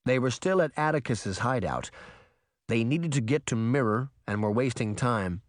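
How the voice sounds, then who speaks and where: A man with a medium-pitched voice narrates a children's fantasy audiobook from a script, measured and expressive. The studio sound is clean, with no room sound.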